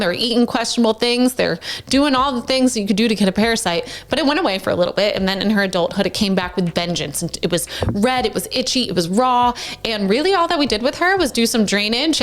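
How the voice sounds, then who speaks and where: A woman's voice: medium pitch, a bit bright. Woman podcast host, naturopath, eager storyteller, casual chat. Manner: enthusiastic, storytelling.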